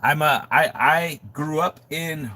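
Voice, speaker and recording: A man's voice: a little high, slow, bright, forceful tone. A middle-aged man from Southern California, sick with a sore throat, chatting casually on a live stream from a makeshift home studio, often restarting his sentences and drifting into reflective asides. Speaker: wrestling podcast co-host. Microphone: webcam mic in a makeshift home studio.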